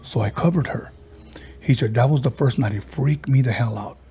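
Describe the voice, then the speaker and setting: A male podcast host with a warm, dark voice settles into a casual ghost story. He jumps between narration and his friend's quoted words, stumbling and restarting along the way. Faint music plays behind him. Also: mid-range voice. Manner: halting, with frequent restarts and fillers.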